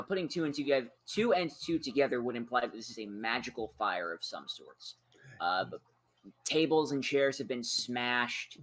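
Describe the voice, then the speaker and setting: Relaxed guy gm describing the scene, mid pitch, chill and chatty. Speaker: game master. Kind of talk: narrating a tabletop game.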